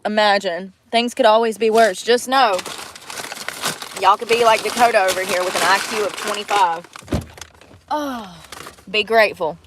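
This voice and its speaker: A woman chatting casually on a livestream, blunt and salty, with frequent swearing and easy laughter. She talks straight to her viewers in an everyday mid-pitched voice. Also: normal speed, pauses often, noisy background. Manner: blunt, swearing, laughs often, answers chat. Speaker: livestream host. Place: in a vehicle.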